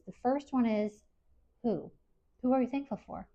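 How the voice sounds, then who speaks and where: A woman presenting a workshop to a live audience at an expo, speaking gently and encouragingly. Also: a little high, normal speed. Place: event hall with live audience. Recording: dull lo-fi recording.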